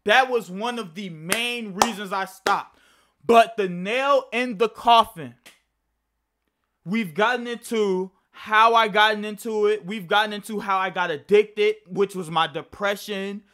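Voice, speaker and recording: A man's voice: high voice, steady tone, measured pace, pushed and bright. A young man telling a casual personal story to camera, rambling and profane, often restarting his sentences. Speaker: vlogger.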